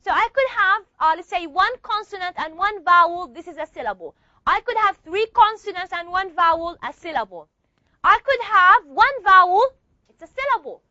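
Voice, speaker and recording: A woman's voice: very high voice, pushed and bright, no room sound, highs cut off. A woman teaching a phonetics class, explaining step by step and often checking in with her students. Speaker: phonetics lecturer. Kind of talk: classroom lecture.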